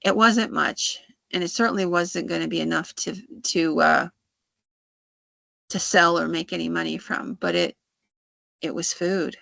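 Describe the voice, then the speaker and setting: A podcast host casually retelling a folk tale, with frequent restarts and halting phrasing. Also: mid-range voice, steady tone, vocal fry, sharp tone, no room sound, dull audio.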